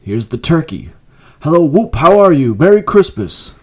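Joyful old miser guy, low-ish voice, eager and insistent, a man reading him. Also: fairly quick, close to an everyday voice. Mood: delighted. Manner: excited, warmly insistent. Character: elderly male miser, newly joyful and eager.

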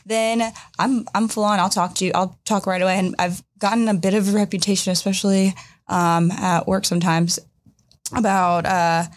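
A woman's voice: mid-range voice, steady tone. A woman co-hosting a podcast who talks candidly and emotionally in a casual chat. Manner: candid, emotional, quick to laugh. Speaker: podcast co-host.

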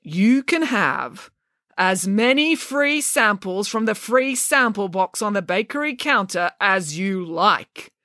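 A woman doing a slow, smooth security guard. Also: medium pitch, expressive, sharp tone, no echo, studio quality, voice pushed up. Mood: measured. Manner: slow, measured and polite. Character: calm, smooth-talking male security guard.

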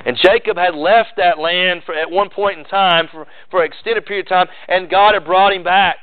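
A man delivers a sermon, building earnest emphasis and then dropping into relaxed, conversational asides. His voice sits slightly high. The sound is dry and narrow, like it's coming down a phone line. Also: moderate pace, no echo. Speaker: pastor.

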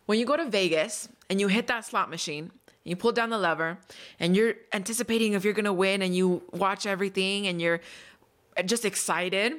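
A woman's voice: lowish voice, a bit bright. A young adult woman hosting a solo podcast, telling a story and explaining in an earnest, upbeat, conversational way. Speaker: podcast host.

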